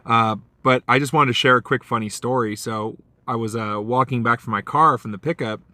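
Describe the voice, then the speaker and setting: A man's voice: fairly quick, bright, forceful tone, dry recording. A man vlogging casually from his car about his delivery shifts, telling stories and acting out the voices of people he met. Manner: chatty storyteller, acts out quoted lines with big pitch jumps. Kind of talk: casual vlog monologue.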